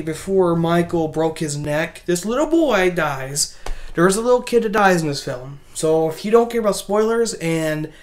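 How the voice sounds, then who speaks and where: A woman giving a casual spoken movie review, rambling and animated, with many restarts. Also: lowish voice, a little hiss or hum.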